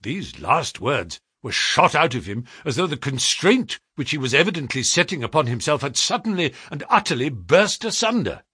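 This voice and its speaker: A man's voice: on the high side, big pitch swings, normal speed, hardly any pauses, bright, forceful tone, slightly rough, dry recording. A man reading a story aloud as narrator, telling it in a dramatic, tension-building manner on a close dry mic. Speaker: audiobook narrator. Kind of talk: scripted narration.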